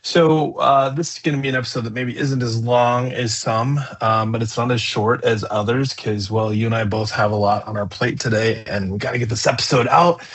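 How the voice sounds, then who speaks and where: A man's voice: mid-range voice, steady tone, fairly quick, few pauses, a bit bright, slightly rough. Chatty male podcast host. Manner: chatty, rambling with fillers. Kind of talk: casual conversational podcast.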